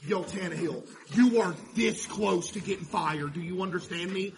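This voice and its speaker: A man streaming a game, chatting to his viewers in a mock-stressed, animated way. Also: on the high side, normal speed, vocal fry, hardly any pauses, background noise. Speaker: streamer playing a laundromat game. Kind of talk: casual gameplay commentary to chat.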